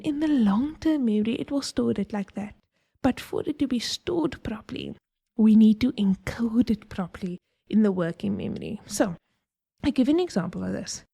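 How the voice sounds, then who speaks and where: A woman's voice: medium pitch, vocal fry, mellow, slightly rough, no room sound, clean studio sound. A woman hosting a podcast, explaining ideas in a chatty, digressive way with homely analogies. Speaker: podcast host. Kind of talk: casual explanatory talk.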